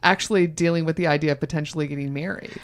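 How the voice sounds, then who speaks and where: A woman co-hosting a podcast chat, tossing in quick witty reactions and jokes. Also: low voice, steady tone. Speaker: podcast co-host. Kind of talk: casual chat.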